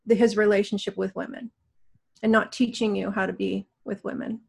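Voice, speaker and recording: A middle-aged woman guiding a healing session with slow, soothing, coaxing prompts. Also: medium pitch, fairly even intonation, gravelly, darkish tone, husky. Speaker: energy healer guiding a session.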